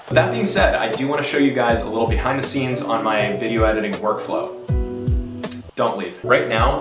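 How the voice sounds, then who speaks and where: A young man hosting a comedic vlog and interview, joking with deadpan asides. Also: medium pitch. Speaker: intern and video editor, vlog host. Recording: roomy sound with loud background music.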